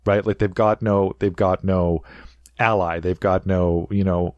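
A man with a low voice talks eagerly about a movie, laughing often and slipping into quoted lines. The sound is dry and close. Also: steady tone, unhurried, a little mellow, no echo, lo-fi sound. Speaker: podcast host. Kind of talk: casual film discussion.

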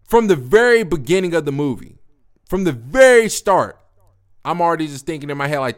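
A young adult man hosting a podcast, telling a profane, slangy story in a casual, animated monologue. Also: a little high, fairly quick. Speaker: podcast host.

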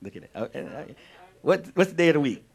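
A male pastor teaching a sermon, animated, repeating key phrases and firing questions at his congregation. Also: on the high side, fast, gravelly.

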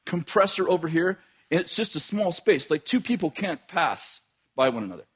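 A man telling a dramatic personal story with laughter and bursts of shouting. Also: on the high side, very animated, moderate pace, slightly rough.

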